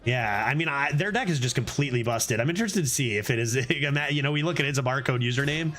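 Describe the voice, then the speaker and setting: Excitable man talking through a card game. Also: fast, faint music behind. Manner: excitable, thinks aloud, sometimes drops to a low put-on voice. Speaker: streamer. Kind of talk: casual gameplay commentary.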